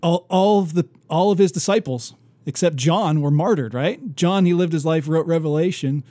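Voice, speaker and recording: A man co-hosting a casual faith podcast, telling a story earnestly with many restarts and soft, trailing asides. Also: fairly high pitch, normal speed, dry recording. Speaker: podcast co-host.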